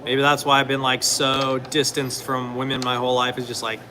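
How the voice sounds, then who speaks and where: A man's voice: medium pitch, completely flat delivery, moderate pace, noisy background. A young man talking casually and rambling, full of fillers, now and then answering questions from viewers. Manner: rambling, filler-heavy, laid-back. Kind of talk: casual chat.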